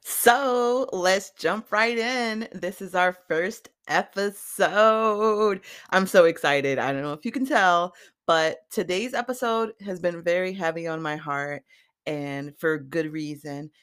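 A woman in her forties hosting a podcast, talking through a personal reflection with emotion, sometimes choked up, with many pauses and restarts. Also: on the low side, fairly bright tone, clean tone. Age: 40s. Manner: unhurried, with many fillers and restarts. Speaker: podcast host.

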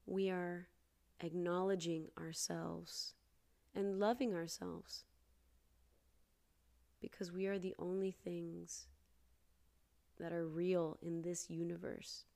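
A young woman talks through her own podcast in an unhurried, earnest way, lingering over her words. She often jumps up into high, emphatic bursts before settling back down. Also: flat delivery, gravelly, warm tone. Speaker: podcast host. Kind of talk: casual solo podcast talk.

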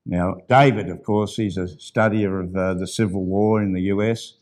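A middle-aged male pastor preaches a sermon with a steady tone at normal speed, swinging between soft, low asides and loud, emphatic declarations. At times he reads a letter aloud.

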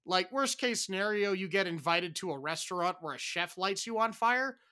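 Lively, bright-voiced male podcast co-host. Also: high voice, normal speed. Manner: animated, exaggerated, dramatic outbursts. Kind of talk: casual chat.

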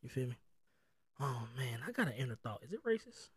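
A man with a Southern US accent hosts his own podcast in loose, joking street slang full of swearing. His voice sits at an ordinary pitch for a man. It is recorded close and dry, with no room sound. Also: sing-song, a little fast, husky, dry recording. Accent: Southern US (North Carolina). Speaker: podcast host. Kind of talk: casual chat. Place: home.

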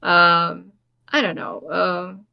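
A woman's voice: on the low side, flat delivery, very slow, creaky, clear, resonant tone, highs cut off. A woman from Portugal, an artist guest on a podcast, answering modestly and thoughtfully. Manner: modest, laughs easily, thoughtful. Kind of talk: casual interview answers.

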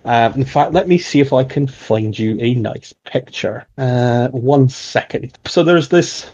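A man narrating a tabletop role-playing game as game master, relaxed and rambling. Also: medium pitch, measured pace, breathy edge, muffled recording.

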